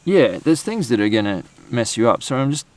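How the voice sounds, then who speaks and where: A man's voice: medium pitch, sing-song, a little fast. An Australian man hosting an outdoor podcast, chatting casually and rambling with fillers and restarts. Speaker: podcast host.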